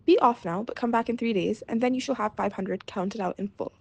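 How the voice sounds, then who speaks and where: Lady reading a bossy storybook king, stately, little creaky, dry mic. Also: fairly high pitch, brisk, a little mellow, dry recording. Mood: stern. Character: stern commanding old king.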